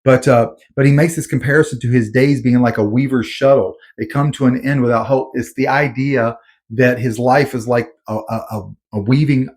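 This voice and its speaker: A man's voice: mid-range voice, fairly even intonation, moderate pace, a little mellow. Earnest man explaining scripture casually. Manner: informal, earnest, many fillers and restarts. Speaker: Bible commentator. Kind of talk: conversational Bible commentary.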